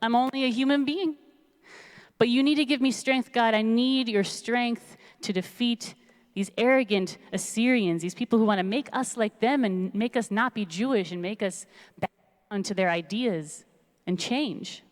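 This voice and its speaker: A woman's voice: fairly high pitch, moderate pace, pitched above the performer's own voice, lightly acted. A woman voicing a fierce, pious, wealthy widow who scolds and pleads, heard with a long echo. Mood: pleading prayer. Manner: indignant, scolding. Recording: long reverb in a large hall.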